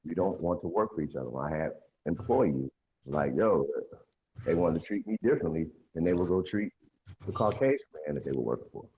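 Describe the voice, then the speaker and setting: Man, very deep voice, earnest, keeps checking in, lo-fi line, faint hiss. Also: expressive, a little fast. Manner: earnest, repeats himself, checks in with listeners. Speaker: panel guest. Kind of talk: casual panel discussion.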